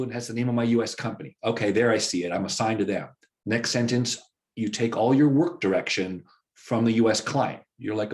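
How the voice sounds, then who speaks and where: A man's voice: mid-range voice, fast talker, a little mellow. A man, a company founder, explaining in an interview how his business works, walking through examples and acting out the lines of the people involved. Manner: walks through examples, acts out quoted dialogue. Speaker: founder of an employer firm, interview guest.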